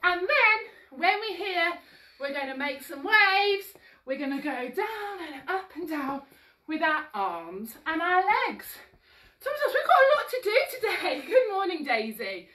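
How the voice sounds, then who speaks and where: Her voice is extremely high, bright and forceful, with big pitch swings and a measured pace. The woman is leading a live-streamed toddler action-song class, encouraging the little ones in an upbeat sing-song while moving and slightly out of breath. A roomy echo surrounds her distant-sounding voice.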